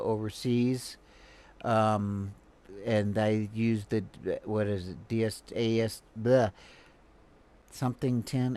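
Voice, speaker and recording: A man's voice: fairly low pitch, darkish tone. Rambling American man hosting a stream. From United States. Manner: rambling, full of fillers and restarts. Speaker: livestream host reacting to a video. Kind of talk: casual commentary.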